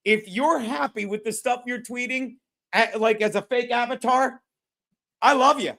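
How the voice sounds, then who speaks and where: A man with a very high-pitched voice hosts a casual podcast. He talks in a brash, profane way and acts out other people's lines as he tells his stories. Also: normal speed, vocal fry, sharp tone. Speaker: podcast host. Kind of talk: casual chat.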